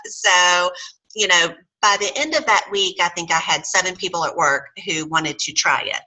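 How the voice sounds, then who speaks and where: A middle-aged woman chats through a personal story in a relaxed interview. Her voice sits a bit low, with a bright, forceful edge. She slips into the voices of the people she quotes. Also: normal speed, low-quality recording. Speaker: guest sharing her story. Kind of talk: casual interview chat.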